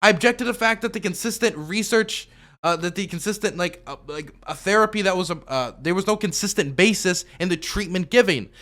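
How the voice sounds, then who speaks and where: Brief: male streamer with a bright, slightly high voice, rebutting a video in a loose, argumentative way. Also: a little fast. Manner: argumentative, rebutting with repeated objections; loose, full of fillers and restarts. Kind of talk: commentary.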